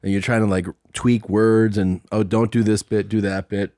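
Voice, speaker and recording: A lower-voiced middle-aged man on a podcast, recorded dry and close. He talks in a relaxed, rambling way and slips in and out of the people he quotes. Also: moderate pace, no room sound. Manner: laid-back anecdote telling, acting out quoted exchanges. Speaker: podcast host and comedian. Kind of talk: casual chat, storytelling. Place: podcast studio. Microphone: studio microphone.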